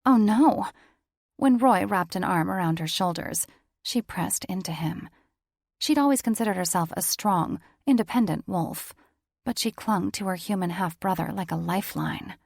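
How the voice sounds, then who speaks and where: A woman narrating a romance audiobook in a measured storytelling manner. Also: lowish voice, creaky, no room sound, clean studio sound. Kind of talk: scripted narration.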